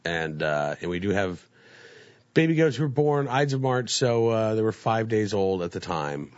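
Calm low-voiced man hosting a chat. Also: normal speed, dry recording. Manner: easygoing, joking, calm and steady. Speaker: podcast host. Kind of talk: casual chat. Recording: dull, muffled dry audio.

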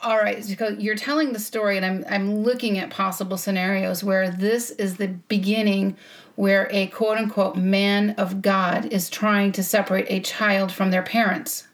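A woman host adds her own commentary to a guest's story. Her talk is earnest and deliberate, in the manner of a relaxed discussion. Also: medium pitch. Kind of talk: casual discussion.

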